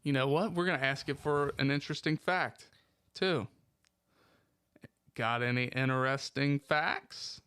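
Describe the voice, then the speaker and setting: A man's voice: mid-range voice, unhurried, long pauses, bright, forceful tone, clear, resonant tone, dry recording, clean studio sound. A man co-hosting a podcast in casual banter, joking around and laughing often. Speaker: podcast co-host.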